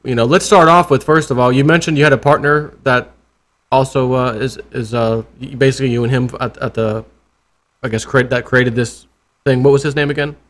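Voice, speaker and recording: A man's voice: medium pitch, steady tone, a little fast, a bit bright. A man hosting a casual crypto interview, loose and rambling, joking with his guest. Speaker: crypto YouTube host.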